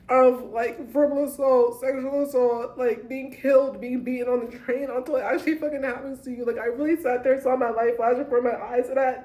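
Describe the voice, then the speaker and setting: Young woman, higher voice, rattled storyteller, roomy echo. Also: mellow. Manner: shaken, talks fast with many likes and restarts. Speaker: vlogger. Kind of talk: emotional personal story to camera.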